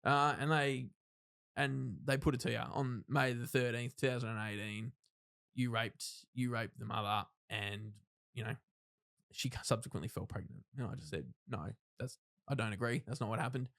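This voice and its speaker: A man's voice: mid-range voice, fairly even intonation, normal speed, vocal fry, a bit bright. A man, a podcast guest telling his story in a casual, rambling way with frequent restarts and frank swearing. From Australia. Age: 30s. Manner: rambling, self-interrupting retelling with frank swearing and acted-out quotes. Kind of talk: casual interview, personal storytelling.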